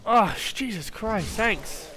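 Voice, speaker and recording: A man giving excitable let's play commentary, jumpy and quick to swear or squeal when scared. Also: sits high, a little hiss or hum. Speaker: gaming YouTuber.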